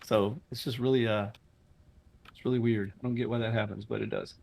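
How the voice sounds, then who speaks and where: A man's voice: fairly low pitch, fairly even intonation, fairly quick, gravelly, a little mellow. A man running an online game server meeting, firm and blunt and swearing when annoyed, speaking into a voice chat mic. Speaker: game server owner leading a staff meeting. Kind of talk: casual online meeting talk.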